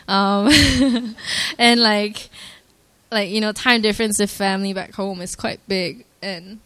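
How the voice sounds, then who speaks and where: A woman's voice: mid-range voice, unhurried, no room sound. Earnest young woman, hesitant. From Malaysia. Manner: hesitant, full of "like" and "um" fillers; earnest and softly emotional. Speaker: church member giving her testimony. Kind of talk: personal faith testimony.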